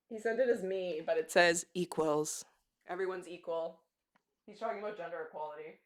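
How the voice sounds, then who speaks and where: A woman's voice: on the low side, moderate pace. A woman chatting casually on a livestream, giggly and bubbly, swearing freely and reacting to chat.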